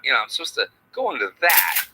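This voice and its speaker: A man doing a satirical impression of an older male actor as a podcast guest, speaking in halting phrases with odd pauses. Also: medium pitch, wildly swooping pitch, background noise. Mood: storytelling.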